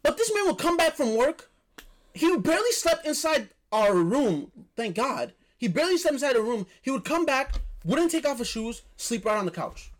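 Young man, casual storyteller, lively pitch, emphatic repeats. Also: moderate pace. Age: young adult. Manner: animated, repeats phrases for emphasis.

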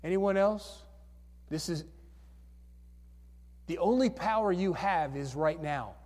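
A man's voice: fairly high pitch, animated, slow pace, darkish tone. A male pastor leading an altar call, coaxing people to come forward with repeated questions. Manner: coaxing, repetitive, calls for hands again and again. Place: church sanctuary. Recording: church hall reverb.

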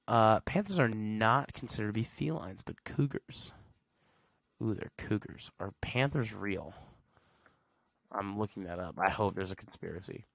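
A man's voice: fairly low pitch, expressive, measured pace, gravelly, fairly bright tone, no room sound. A man hosting a solo podcast in a casual, slangy way, reading facts aloud and reacting with blunt verdicts. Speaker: podcast host.

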